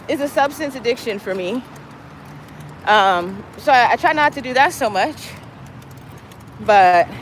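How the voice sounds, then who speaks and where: High-voiced woman rambling on a street. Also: a bit bright, a little hiss or hum, rough recording. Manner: profane, meandering, talks to her cat in baby talk. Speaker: live streamer. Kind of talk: casual rambling livestream. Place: outdoors on a city street, walking.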